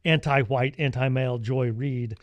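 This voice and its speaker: A man who is a guest on a political podcast, explaining things in a measured way with dry humor. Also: mid-range voice, fairly even intonation, dry recording, muffled recording. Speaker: podcast guest, think-tank executive.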